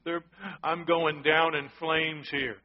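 A man's voice: fairly high pitch, little pitch movement, takes it slowly, lo-fi sound. A man preaching a sermon, talking conversationally and often asking the congregation questions. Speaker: pastor.

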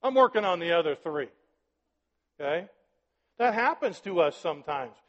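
A male pastor preaches in a casual, back-and-forth style, tossing "right?" and "are you with me?" at his congregation. His voice sits slightly high for a man and rings out with a long hall echo. The recording is a little dull and muffled. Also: very animated, moderate pace, fairly bright tone. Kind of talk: sermon.

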